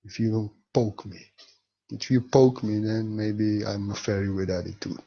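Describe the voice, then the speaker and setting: Husky man preaching with emphatic swings. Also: lowish voice, level tone, moderate pace, lo-fi sound. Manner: emphatic, swings between soft and loud. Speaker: spiritual teacher. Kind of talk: spiritual monologue.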